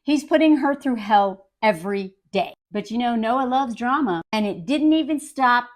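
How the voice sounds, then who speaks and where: Animated, sarcastic woman commentator. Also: a little high, normal speed. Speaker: film commentator. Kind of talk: casual film commentary.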